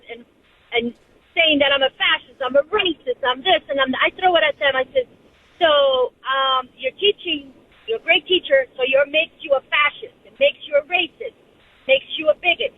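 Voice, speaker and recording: A woman's voice: high voice, a little hiss or hum. A woman with a Portuguese accent, a native Portuguese speaker from Portugal, calling in to a radio show and ranting in a heated, defiant way. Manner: heated, defiant, rapid rant. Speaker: caller. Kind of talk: call-in radio talk. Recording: tinny phone line.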